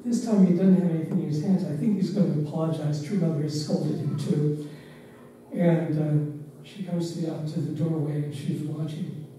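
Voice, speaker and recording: An older man, once a driver and staff member, reminiscing in unhurried, reflective anecdotes with pauses. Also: on the high side, steady tone, warm tone. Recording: roomy, distant mic, faint background noise.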